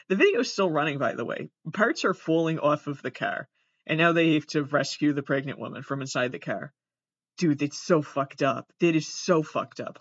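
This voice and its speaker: A man's voice: a little high, a bit bright, dry recording. Agitated swearing man, dry lo-fi sound. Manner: agitated, swearing, exclaiming in alarm. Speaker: podcast host. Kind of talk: casual reaction commentary.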